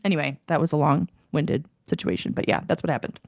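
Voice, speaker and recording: A woman's voice: deep voice, fairly quick, vocal fry, dry recording, muffled recording. A woman co-hosting a podcast in casual chat, telling stories animatedly, laughing often and acting out what people said. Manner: animated storyteller, laughs often, acts out quotes. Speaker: podcast co-host.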